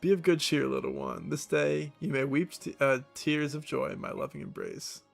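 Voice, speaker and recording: A man's voice: medium pitch, very animated, normal speed, gravelly, soft background music. A man reading the lines of a flowery, long-winded male noble advisor from a video game. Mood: pompous.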